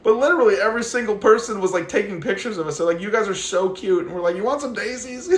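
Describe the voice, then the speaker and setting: A man whose voice sits high talks fast through a casual rant on his phone livestream as he walks his dog. The recording has a roomy quality. He tells his stories with animation, imitating the people he quotes and swearing freely.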